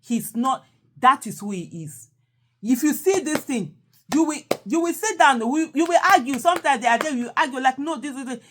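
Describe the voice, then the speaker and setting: A woman's voice: sits high, animated, normal speed, fairly bright tone, a little hiss or hum. A woman with a Nigerian accent, talking casually and animatedly, repeating phrases and slipping into Pidgin. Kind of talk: casual monologue.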